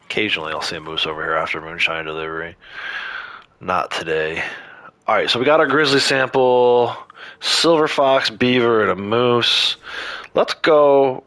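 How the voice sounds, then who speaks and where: A man's voice: medium pitch, moderate pace, a bit bright, no echo. A man giving casual, chatty commentary to viewers while playing a game on a livestream.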